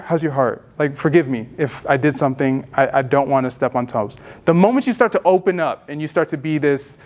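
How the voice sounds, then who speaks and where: A young adult man teaching emotional intelligence in a casual workshop, acting out quoted people and laughing often. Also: a little high. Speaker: communication trainer.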